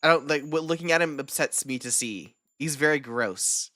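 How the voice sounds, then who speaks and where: A woman's voice: low-pitched, normal speed, a bit bright, dry recording, studio quality. A woman streamer chatting casually while reacting to videos, swearing a lot, laughing and repeating words over and over.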